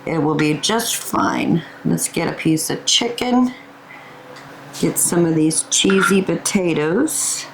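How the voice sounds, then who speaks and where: A woman's voice: low-pitched, lively intonation, slow, gravelly, noisy background. An older woman, hosting a casual cooking vlog and calling her viewers family as she tastes her food. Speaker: cooking channel host.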